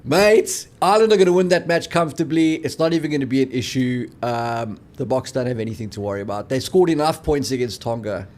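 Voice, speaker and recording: A man's voice: medium pitch, a little fast, few pauses, darkish tone. A man co-hosting a casual sports chat, teasing and joking and often saying "mate". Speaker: podcast co-host.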